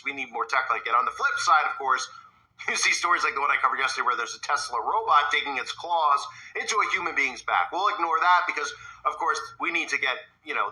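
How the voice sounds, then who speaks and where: A man's voice: medium pitch, sharp tone, poor audio. A man delivering an emphatic commentary monologue, often asking his audience "right?". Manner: emphatic, rhetorical, asks "right?". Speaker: online commentator.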